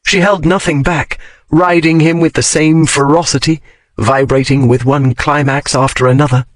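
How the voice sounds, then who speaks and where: Male audiobook narrator, measured and steady, slightly high pitch, dry recording. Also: no echo, low-quality recording. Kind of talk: scripted romance narration.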